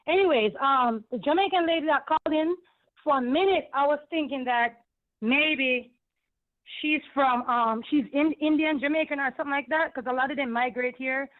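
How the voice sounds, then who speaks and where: A woman from the Caribbean with a Caribbean accent, calling into a show and ranting in an emphatic, rambling, indignant way. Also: sits high. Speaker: caller. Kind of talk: call-in radio rant. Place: home in New York. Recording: tinny phone line.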